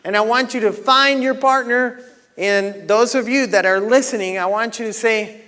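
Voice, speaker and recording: A man leading a live motivational workshop on a microphone, energetic and coaxing, shouting encouragement at the group. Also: extremely high pitch, moderate pace, smooth. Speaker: workshop leader. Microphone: handheld microphone. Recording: long hall reverb.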